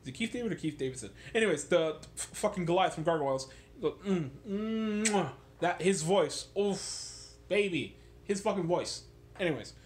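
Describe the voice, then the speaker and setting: A man's voice: high voice, moderate pace, slight background noise. Sarcastic man ranting about a game. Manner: animated, sarcastic, swears constantly. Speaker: video game commentator. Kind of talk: casual profane rant.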